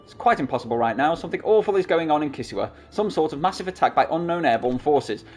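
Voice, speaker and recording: A man voicing a matter-of-fact woman airship captain in a game, reading her lines crisply. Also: fairly high pitch, lively intonation, fast talker, darkish tone, soft background music. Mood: firm. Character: brisk woman airship captain refusing danger.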